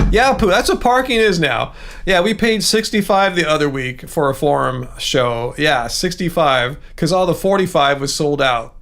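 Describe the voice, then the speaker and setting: A middle-aged man hosting a livestream, chatting casually and ranting as he answers viewer comments. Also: high-pitched. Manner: chatty, ranting, animated asides. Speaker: livestream host.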